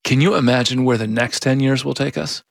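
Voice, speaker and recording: Radio host guy, mid pitch, dry studio sound, asks calm curious questions. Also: a little fast, vocal fry, no echo. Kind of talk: radio interview.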